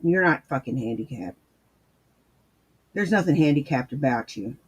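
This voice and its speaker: A man's voice: a little high, breathy edge. A male commentary host reacting to clips in a crude, profane, sneering manner.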